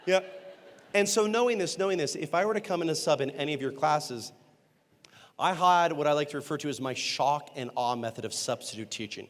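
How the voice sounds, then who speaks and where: A man giving a humorous storytelling keynote, acting out characters with quick voice changes and self-deprecating comic timing. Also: a little high. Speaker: motivational speaker and entertainer. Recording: long hall reverb.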